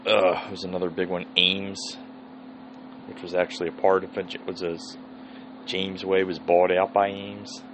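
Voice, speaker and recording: A man rambles through a profane podcast story in a very low voice. A faint hum of background noise sits under his talk. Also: flat delivery, normal speed. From Philadelphia area. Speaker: podcast host. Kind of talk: solo podcast monologue.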